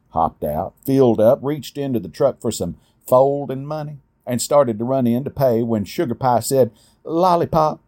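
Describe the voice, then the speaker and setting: A middle-aged man telling a personal story in a folksy, unhurried way. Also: fairly low pitch, mellow. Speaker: storyteller, podcast host. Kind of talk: storytelling narration.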